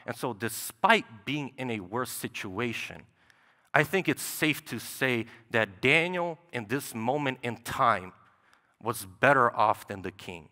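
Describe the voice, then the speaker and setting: A man's voice: medium pitch, expressive, measured pace, sharp tone. Young male preacher in a reverberant hall. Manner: conversational, with frequent "right?" asides. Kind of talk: sermon. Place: church sanctuary. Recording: long church hall reverb.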